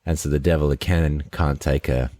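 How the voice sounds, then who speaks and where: A man hosting a podcast, retelling a fairy tale in a relaxed, conversational way before discussing it. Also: very deep voice, normal speed, no echo, studio quality. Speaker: podcast host. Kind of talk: conversational storytelling and commentary.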